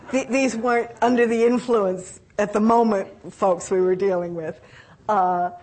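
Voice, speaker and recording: An older woman shares a story from her own life at an unhurried, reflective pace. She stumbles and restarts now and then. Her voice sits in a middle pitch and comes alive when she quotes others. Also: darkish tone. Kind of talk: personal storytelling talk.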